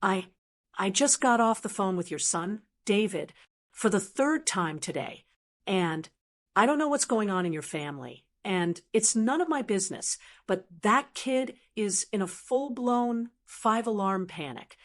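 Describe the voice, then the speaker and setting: A woman voicing an exhausted middle-aged male realtor leaving a weary, halting voicemail in a storybook reading. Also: medium pitch, lively intonation, natural voice.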